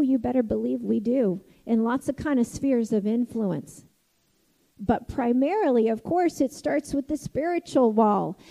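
A woman from Canada delivers a sermon in a high, warm, mellow voice. She is impassioned, rising to loud declarations and then dropping to hushed, intimate passages. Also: low-quality recording. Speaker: preacher.

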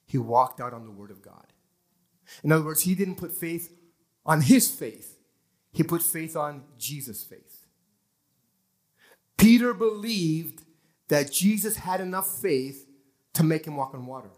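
A male pastor preaching a lively sermon in a church, acting out scenes and quoting scripture. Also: on the high side, unhurried, long pauses. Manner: animated preaching, acting out people straining to believe.

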